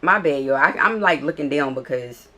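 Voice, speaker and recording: Brief: young woman, lowish voice, profane, animated storytime vlogger. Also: normal speed. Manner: animated, profane, addresses viewers directly. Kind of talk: casual storytime chat. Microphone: iPad camera.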